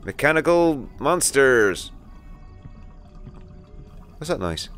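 A man's voice: mid-range voice, big pitch swings, slow pace, fairly bright tone, smooth, soft background music. A man giving let's play commentary on a horror game, jumpy and swearing as he talks to himself. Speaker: gamer.

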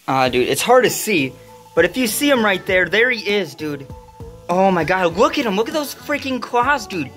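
A woman's voice: mid-range voice, normal speed, faint music behind. A woman vlogging at home into a handheld camera, talking casually, swearing freely and calling her viewers dude. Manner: profane and excitable, says dude a lot. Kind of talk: casual vlog commentary.

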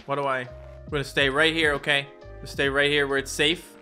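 A young man giving jokey let's play commentary on a video game, now and then leaping into squeaky put-on voices. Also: level tone, fast talker, sharp tone, soft background music. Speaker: gaming YouTuber.

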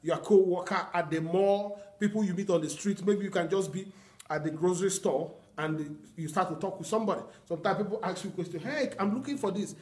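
A man's voice: sits high, steady tone, brisk, a little mellow. A pastor delivers a sermon in a somewhat raised voice, leaning on earnest repetition. He teaches his congregation step by step, quoting prayers and scripture as he goes. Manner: earnest teaching with repeated phrases and quoted prayers.

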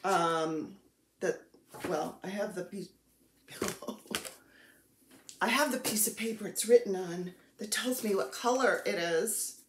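A woman's voice: medium pitch, slow, pauses often, roomy sound, a little hiss or hum. A woman vlogging casually about her cross-stitch projects, chatty and self-deprecating, gushing over the supplies she shows. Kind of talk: casual chatty show-and-tell.

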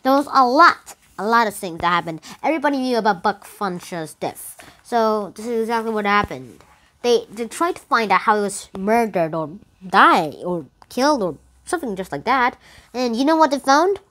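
A woman talks casually through a book review on her channel. She rambles and leans on fillers. Her voice leaps suddenly higher when she gets excited. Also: moderate pace. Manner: rambling, loose, full of fillers and "literally"; animated, with sudden high pitch jumps.

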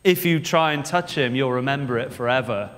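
A man's voice: medium pitch, brisk, fairly bright tone. A male preacher giving a sermon in a conversational way, often putting rhetorical questions to the congregation. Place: church. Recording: long church reverb.

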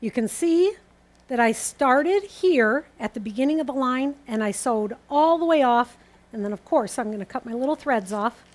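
A woman demonstrating quilting, calmly and methodically explaining each step as she sews. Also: high voice, moderate pace. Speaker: quilting teacher.

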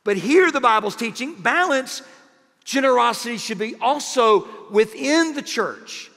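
Male pastor, high bright voice, playful sermon delivery, long reverb of a church hall. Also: unhurried, vocal fry. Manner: animated, jokey preaching with sudden loud bursts. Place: church sanctuary.

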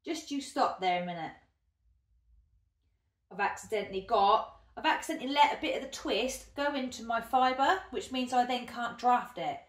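A woman's voice: a little high, lively intonation, moderate pace. Chatty woman, echoey distant room. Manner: chatty, self-deprecating, thinking aloud while working. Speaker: hobby spinner vlogger. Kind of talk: casual craft vlog narration while spinning. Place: indoor room at a spinning wheel.

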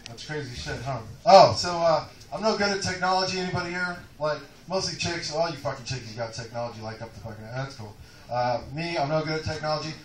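A man's voice: a little high, a little fast, a little hiss or hum. A man doing a rambling, profane stand-up set in a comedy club. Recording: echoey club, taped from far off.

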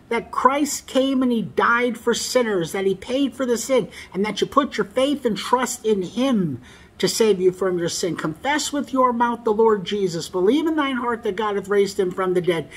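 A man delivers a sermon in a husky, breathy voice. He reads scripture aloud and presses his points emphatically, repeating the lines that matter most. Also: very high voice. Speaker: preacher.

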